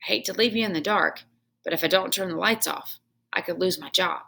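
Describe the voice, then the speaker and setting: A woman reading a children's book aloud, voicing a hearty, joking male night janitor who booms and chats. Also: fairly quick, gravelly, bright, forceful tone, full character voice. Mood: jolly, teasing.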